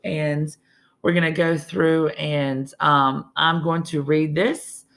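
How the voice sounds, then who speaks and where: Woman teacher, slightly gravelly, talking casually through a lesson. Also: sits low, flat delivery, takes it slowly. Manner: casual, chatty, restarts often. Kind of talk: recorded classroom lesson.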